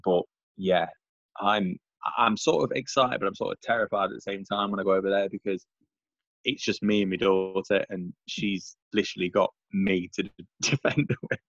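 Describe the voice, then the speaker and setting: A middle-aged English man with a very low voice and a dry, close sound that is a little dull and muffled. He rambles in casual chat, circling back and repeating himself with plenty of fillers. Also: moderate pace, creaky, a bit bright, no room sound. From England. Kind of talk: casual chat over a call.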